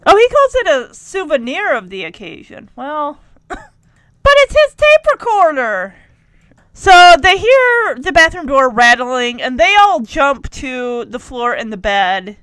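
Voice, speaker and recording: A woman's voice: high-pitched, sing-song, unhurried, a bit bright, no room sound. A woman chatting through a recap of a TV episode, laughing often and making teasing asides. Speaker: show recap host. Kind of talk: casual recap commentary.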